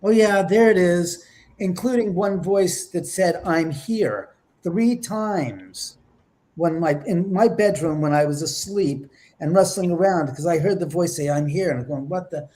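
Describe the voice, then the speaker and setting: A man with a slightly high voice recounts his experiences as an interview guest. He tells it with a lot of life, acting out quotes, exclaiming and sometimes dropping to a whisper. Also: measured pace, dark tone. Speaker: paranormal investigator guest. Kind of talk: animated storytelling in an interview.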